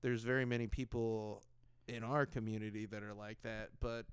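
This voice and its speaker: A man hosting a podcast in casual chat, telling stories in an animated way, laughing often and acting out other people's lines. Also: lowish voice, moderate pace, smooth, no room sound. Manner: animated storytelling, laughs often, acts out voices. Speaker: podcast host.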